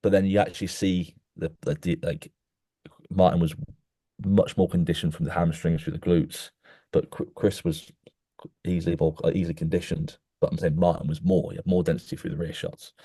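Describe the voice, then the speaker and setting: A young podcast co-host with a low, slightly rough voice tells a long anecdote briskly in casual chat. He's an animated storyteller who restarts often and keeps saying "mate," and the recording is dry.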